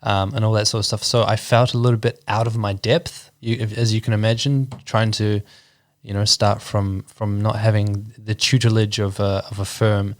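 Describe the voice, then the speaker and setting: A man in his thirties from New Zealand with a New Zealand accent, a guest architect chatting casually in an interview with relaxed, hesitant speech full of ums. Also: on the low side, normal speed, dry recording.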